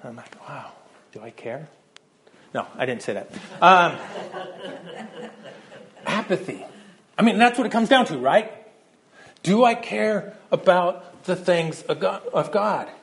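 Middle-aged male pastor, sermon, conversational, slightly higher voice, restarts his sentences. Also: animated, unhurried, gravelly, pauses often, fairly bright tone. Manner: conversational, repeats words when starting sentences.

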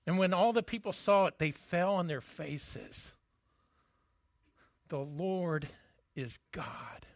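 Male pastor, conversational sermon with self-mocking humor, bright forceful tone. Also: high-pitched, no room sound, dull audio.

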